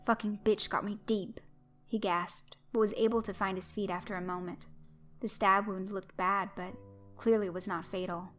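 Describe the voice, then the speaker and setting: A woman reads a horror story aloud in a steady, even storytelling voice. Her pitch sits in the middle range. Faint background music runs under the narration. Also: moderate pace.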